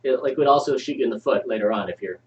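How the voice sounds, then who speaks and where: A man's voice: mid-range voice, racing, far from the mic, highs cut off. A man hosting a live script review show, casually chatting and reading scene directions aloud. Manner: animated, reads stage directions aloud.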